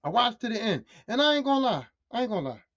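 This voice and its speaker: Woman podcaster for a solo rant: animated, profane, repeats lines for punch, dull dry lo-fi sound. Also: on the high side, fast, no echo. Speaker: podcast host.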